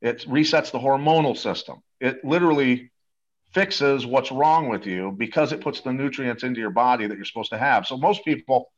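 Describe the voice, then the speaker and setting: A man's voice: medium pitch, animated, a little fast. Eager rambling man on dull audio. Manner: eager, rambling, salesy, many restarts. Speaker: guest promoting a supplement. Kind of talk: casual interview talk.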